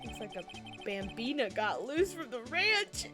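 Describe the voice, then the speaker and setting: A woman's voice: on the high side, very animated, measured pace. A woman voicing a swaggering male cowboy detective in a put-on Southern drawl, over video game music. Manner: lazy folksy drawl.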